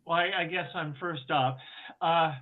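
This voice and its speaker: A man's voice: on the high side, unhurried. Man on a tinny, phone-like line. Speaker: playwright. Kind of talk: casual roundtable introduction.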